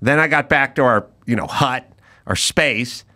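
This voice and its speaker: Middle-aged guy hosting a podcast, bright forceful voice, swoops up and down a lot telling stories. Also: mid-range voice, a little slow. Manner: animated storyteller, acts out quoted people. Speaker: podcast host. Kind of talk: casual storytelling chat.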